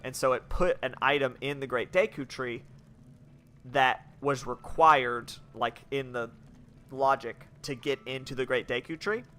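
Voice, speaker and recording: Bright-voiced rambling young man gaming. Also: mid-range voice, a little slow. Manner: rambling, many "like"s and restarts. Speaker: game streamer. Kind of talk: casual let's-play commentary.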